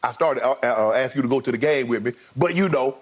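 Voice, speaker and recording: A man co-hosting a sports debate show, excitable and animated, often quoting players in a raised voice and laughing. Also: mid-range voice, fast, husky.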